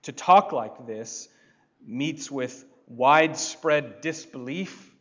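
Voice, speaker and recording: A man preaching a sermon, deliberate and building to emphatic points. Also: mid-range voice, muffled recording. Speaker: pastor.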